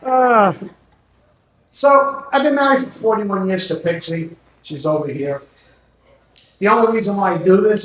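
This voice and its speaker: A man in his sixties doing an open mic stand-up set with wry, self-deprecating stories. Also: sits high. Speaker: stand-up comedian. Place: comedy venue with live audience. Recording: echoey room.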